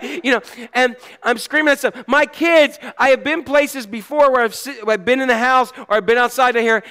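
A middle-aged male pastor delivers his sermon with lively, storytelling energy. His voice sits high for a man and sounds smooth and resonant. Now and then he raises it to a shout to act out the cries in his stories. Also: brisk.

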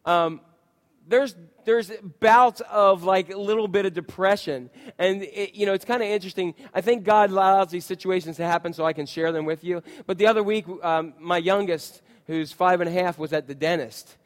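A man's voice: high voice, steady tone, moderate pace, long reverb tail. A male pastor in his thirties preaching a sermon in a church, conversational and anecdotal, acting out quotes as he tells stories. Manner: conversational, storytelling with voiced quotes.

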